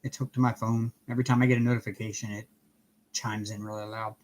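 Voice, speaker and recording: A man's voice: lowish voice, level tone, quick pace, a little hiss or hum. A man hosting a casual live stream from home, cheerfully greeting viewers one by one by name while he works on a craft project. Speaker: livestream host.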